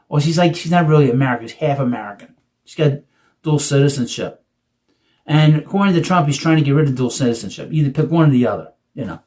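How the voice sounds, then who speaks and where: A man's voice: a little high, normal speed, darkish tone. A man hosting political commentary, reading quotes aloud and breaking in with sarcastic asides. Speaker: commentary host.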